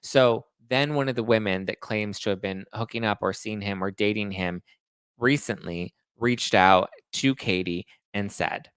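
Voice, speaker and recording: A man's voice: lowish voice, measured pace, fairly bright tone, smooth, dry recording. A man hosting a pop culture live show, chatting casually to his viewers with sarcastic asides. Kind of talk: casual live-chat commentary.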